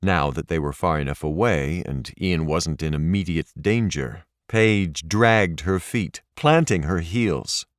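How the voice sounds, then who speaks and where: Male audiobook narrator, low-ish voice, slow pace, lively intonation, dry close sound. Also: no echo. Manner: measured, expressive reading. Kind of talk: scripted narration.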